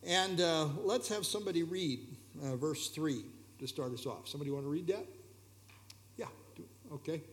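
A man with a fairly high speaking voice teaches a Bible study. He explains each verse in a relaxed, conversational way and often pauses with "uh" and small restarts. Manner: hesitant, many fillers, relaxed and explanatory. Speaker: pastor leading a Bible study.

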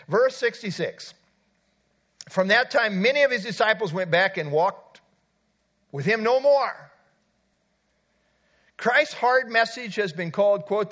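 Male pastor, fairly high voice, animated conversational sermon delivery. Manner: lively, conversational preaching with asides.

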